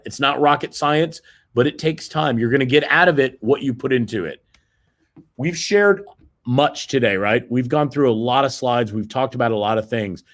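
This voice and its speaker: A middle-aged man with a mid-range voice presents a motivational sales seminar. He works to persuade the audience, checking in often with "right?" tag questions.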